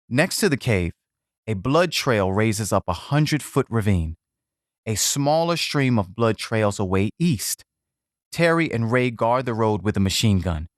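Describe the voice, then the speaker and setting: A man narrates a war essay in grave, measured, clipped phrases. His voice sits at an ordinary middle pitch for a man. The recording is dry and close, with no room sound. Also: dry recording. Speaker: narrator reading a veteran's essay. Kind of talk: scripted narration.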